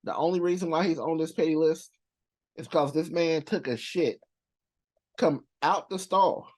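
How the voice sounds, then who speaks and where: Brief: male reaction-channel host, slightly higher voice, loose profane countdown banter with frequent laughs. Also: normal speed. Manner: animated, laughing, profane slang. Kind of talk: casual countdown commentary.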